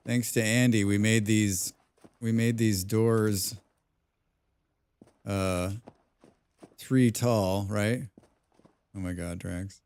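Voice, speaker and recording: A man's voice: on the low side, steady tone, drawn-out words, long pauses, darkish tone, clean tone, no echo. A man live-streaming a survival game, chatting casually with his viewers and repeating his own phrases. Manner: chatty, talks to himself and chat, repeats phrases.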